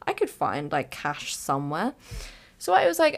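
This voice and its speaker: A woman's voice: sits low, huge pitch swings, normal speed, creaky. A woman in her late teens, hosting a podcast and telling a chaotic, giggly, dramatic story in a casual way. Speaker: podcast host.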